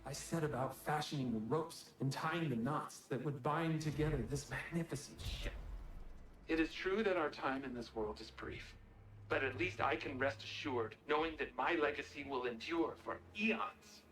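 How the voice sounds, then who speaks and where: A man's voice: on the high side, slight background noise, lightly acted. A man voicing a solemn self-important founder. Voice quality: solemn, measured, declamatory. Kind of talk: game cutscene narration. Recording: echoey with loud music behind.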